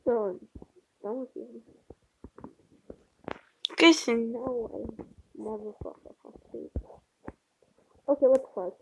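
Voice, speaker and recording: A woman's voice: a little high, slow, gravelly, long pauses, darkish tone, a little hiss or hum. A woman hosting a casual screen-recorded vlog, exasperated, swearing and laughing, recorded on a phone. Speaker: channel host reacting to fan art. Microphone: phone screen recorder mic.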